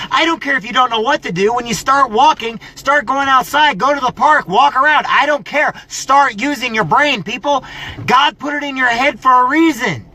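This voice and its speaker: A man's voice: extremely high pitch, sharp tone. A middle-aged man giving a preachy, scolding motivational pep talk, mocking people's excuses. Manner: preachy, scolding, mocks excuses in whiny voices. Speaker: motivational vlogger.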